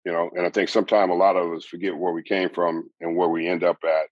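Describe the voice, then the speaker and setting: A man's voice: low voice, little pitch movement, fast, no room sound, muffled recording. A man giving a personal faith testimony as an interview guest, telling his story earnestly, with repeats and restarts.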